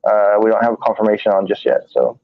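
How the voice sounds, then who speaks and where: A low-voiced man chats through a live stream in a flat, sleepy monotone, stumbling over fillers and restarting his sentences. The audio is dry and dull, like a lo-fi stream. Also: vocal fry, no room sound. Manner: halting, many fillers and restarts; monotone, tired from little sleep. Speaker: paranormal investigator and show co-host. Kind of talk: casual live-stream chat.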